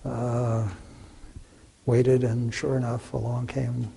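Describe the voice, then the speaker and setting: A man's voice: mid-range voice, flat delivery, slow pace, mellow, slight background noise. An older man, a physicist guest in an interview, recounting memories with many fillers and restarts. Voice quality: gravelly, raspy voice. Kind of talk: interview storytelling.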